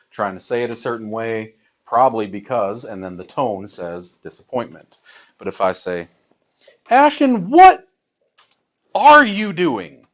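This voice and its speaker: Casual male math teacher, chatty classroom lecture. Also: mid-range voice.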